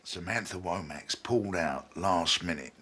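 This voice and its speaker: A man playing a smooth, persuasive showbiz agent in a TV comedy drama. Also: deep voice, unhurried, bright, forceful tone, slight background noise.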